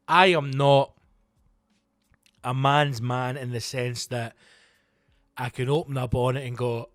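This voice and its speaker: A man, a comedian hosting his own show, telling a story in a profane, animated, self-mocking way and acting out the quotes. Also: medium pitch, slow, pauses often, no echo, clean studio sound. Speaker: comedian host. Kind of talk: comic storytelling monologue.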